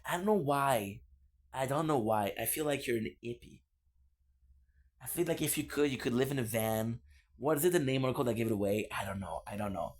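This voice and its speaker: A man's voice: medium pitch, brisk. Streamer, male, playful and teasing in casual chat, repeats lines for laughs. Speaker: live streamer reading chat.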